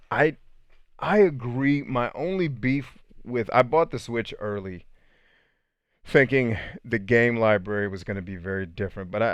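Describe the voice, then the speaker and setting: A man's voice: lowish voice, no room sound. A man hosting a podcast and reading out live chat comments in a casual, slangy way, laughing often.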